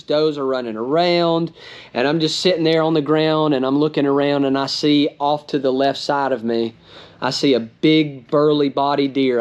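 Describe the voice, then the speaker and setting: A man with a Southern US accent narrating his hunt, excitable and fast-talking, often outdoors in the woods. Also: a little high. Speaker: hunting vlogger. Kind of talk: hunting vlog narration and field commentary.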